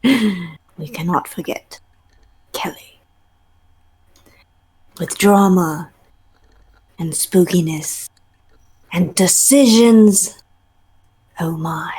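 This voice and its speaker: A woman's voice: lowish voice, extremely slow, pauses often, a little mellow, husky. A woman on a game stream giving a playful, theatrical mock movie-trailer narration, dropping into whispers and laughing between phrases. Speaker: stream co-host.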